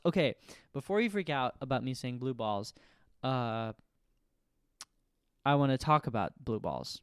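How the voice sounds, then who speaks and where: A man rambles through a stand-up idea, wondering aloud if it is funny and laughing at his own lines. His voice is smooth and clean, recorded close and dry with no room sound. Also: medium pitch, animated, a little slow, pauses often, no room sound. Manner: rambling musing, self-questioning, laughs at own jokes. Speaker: comedian. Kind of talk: comic monologue to camera.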